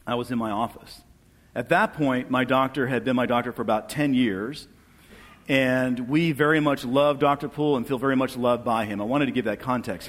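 A middle-aged man giving an earnest church testimony, asking for amens and dropping soft and low at tender moments. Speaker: guest speaker sharing testimony. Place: church hall. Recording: long reverb of a large hall.

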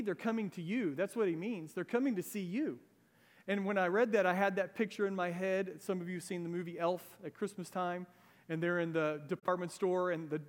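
A pastor with a high male voice delivers a sermon in a church sanctuary, where the hall's long reverb fills the recording. His preaching is conversational and animated, sprinkled with asides.

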